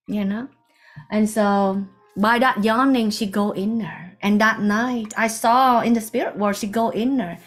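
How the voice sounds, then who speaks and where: Soft-spoken woman telling a spiritual story. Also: mid-range voice, a little slow. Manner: soft-spoken, meandering, with hushed asides. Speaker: spiritual teacher.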